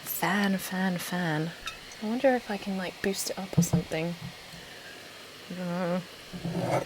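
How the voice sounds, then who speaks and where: Slow and steady in a fairly low voice, this Essex, England ASMR host chats casually on her live stream, giggly and quick to poke fun at herself as she reads comments aloud. A desktop microphone picks her up alongside the hum of a laptop fan.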